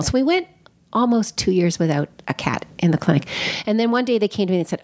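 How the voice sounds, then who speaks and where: A woman veterinarian chatting as a podcast guest, animated and quick to laugh, often asking rhetorical questions. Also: mid-range voice. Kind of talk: casual podcast conversation.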